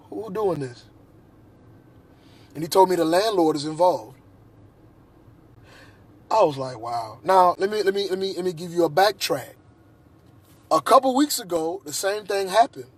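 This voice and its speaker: A male vlogger with a high-pitched, breathy-edged voice delivers a heated personal monologue. He's agitated, keeps repeating himself and often restarts his sentences.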